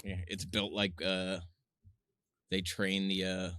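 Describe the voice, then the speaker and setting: Podcast co-host, male, lowish voice, lively storyteller, dry studio sound. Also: slow pace, dry recording. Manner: animated storyteller, swears, laughs often. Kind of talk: casual chat.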